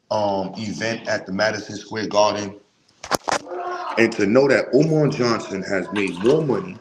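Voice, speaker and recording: A fired-up "New" man hosts a livestream, ranting casually in blunt street slang, rambling and heated. His voice is fairly low, and the recording is roomy with loud background noise.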